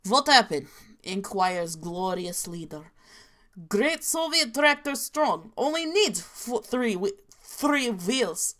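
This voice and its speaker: A woman putting on a cartoonish Russian accent to tell deadpan peasant jokes, dropping articles in mock-solemn style. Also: fairly high pitch. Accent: put-on cartoonish Russian. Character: deadpan Russian peasant-joke teller, gruff. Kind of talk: reading jokes aloud in a put-on voice.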